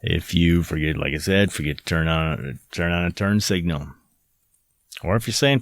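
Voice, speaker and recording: Deep-voiced man ranting, profane and heated. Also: moderate pace, no echo. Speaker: podcast host. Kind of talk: angry monologue.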